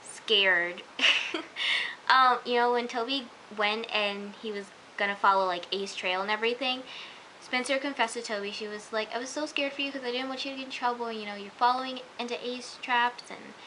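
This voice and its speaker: A young woman reviews a TV episode in a loose, rambling chat packed with fillers. Her voice is slightly high and sharp in tone, her pace moderate, and the rough recording carries a faint hiss.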